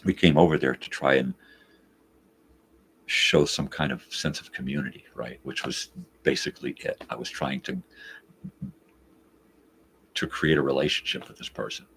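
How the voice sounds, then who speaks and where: Very deep, gravelly man telling a story. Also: normal speed, long pauses, slight background noise. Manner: profane, exasperated storyteller; animated, acts out both sides of the quoted talk. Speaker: live morning show host. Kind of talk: casual storytelling monologue.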